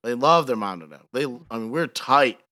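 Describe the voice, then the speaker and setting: A man's voice: medium pitch, expressive, moderate pace, bright, forceful tone. A man telling joking stories about his kids in a casual chat. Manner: joking, anecdotal, laughs easily.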